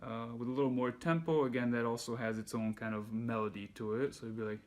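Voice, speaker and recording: A man teaches a music lesson in a relaxed, patient way, counting beats aloud between explanations. His voice sits at an ordinary middle pitch. A soft instrument plays faintly behind him. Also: quick pace. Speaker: handpan teacher. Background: handpan music.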